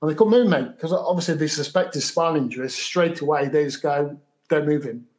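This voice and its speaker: A man, a guest in an interview, recounting a story in a halting, matter-of-fact way with many repeated words. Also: fairly high pitch, a little mellow.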